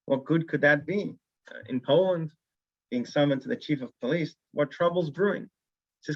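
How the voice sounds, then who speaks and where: Man, rabbi, storytelling Torah class, animated, higher voice, dry, slightly muffled sound. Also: moderate pace, no room sound. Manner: animated storyteller who acts out characters' lines. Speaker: rabbi teaching a weekly class.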